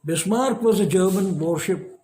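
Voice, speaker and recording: Slow, measured male lecturer. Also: high voice, mellow. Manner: measured, emphatic, with long pauses. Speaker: professor.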